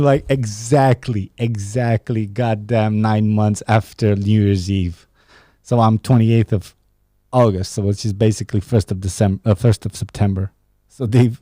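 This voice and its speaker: A man's voice: on the low side, warm tone, no echo, clean studio sound. A young man hosting a casual solo podcast, rambling and swearing, laughing at his own jokes. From Romania. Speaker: podcast host. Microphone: studio podcast mic.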